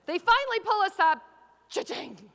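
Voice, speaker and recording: High, bright-voiced woman telling a dramatic story. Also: animated, fairly quick. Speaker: keynote speaker. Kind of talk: animated storytelling keynote. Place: conference stage.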